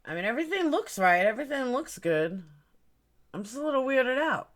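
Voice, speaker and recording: A woman's voice: sits high, sing-song, a little fast. A woman hosting a casual livestream, rambling about her stream settings and greeting viewers by name. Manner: puzzled, fiddling with stream settings. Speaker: livestream host.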